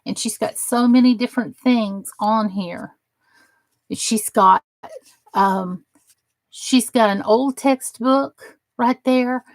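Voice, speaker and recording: A woman's voice: on the high side, takes it slowly, no echo. A woman hosting a casual crafting live stream, chatting with viewers and gushing over the crafts she shows. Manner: gushing and admiring, chatty asides.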